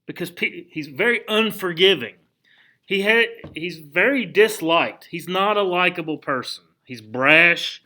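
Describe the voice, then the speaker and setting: A man teaching a history class in a lively, conversational lecture, often putting rhetorical questions to the students. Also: high-pitched, a little slow. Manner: conversational, frequent restarts.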